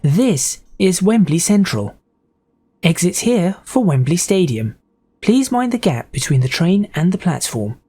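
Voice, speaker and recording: Man doing an station tannoy voice: slow, clipped, formal, train noise behind. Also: sits high, very animated, warm tone, exaggerated voice. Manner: slow, carefully enunciated announcements. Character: male train station announcer, formal and measured. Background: train sim game noise.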